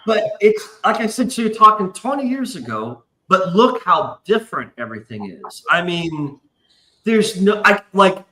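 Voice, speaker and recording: Bright-voiced, profane male storyteller. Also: high-pitched, moderate pace, roomy sound, slight background noise, low-quality recording. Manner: profane, animated storyteller acting out quotes. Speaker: podcast host. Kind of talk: casual storytelling chat. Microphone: live stream.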